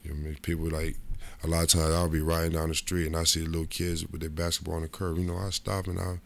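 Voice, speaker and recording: A man's voice: a bass voice, quick pace, vocal fry. A middle-aged man, a former basketball player, tells stories from his career in a casual interview, rambling and restarting his sentences. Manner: rambling, repeats and restarts, lively quoted asides.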